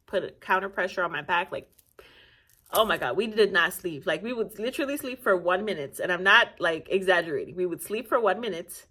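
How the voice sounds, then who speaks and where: A young adult woman from Nigeria, casually telling a personal story on her channel, laughing often and acting out what people said. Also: on the low side. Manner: animated, laughing often, acting out quoted voices. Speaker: vlogger.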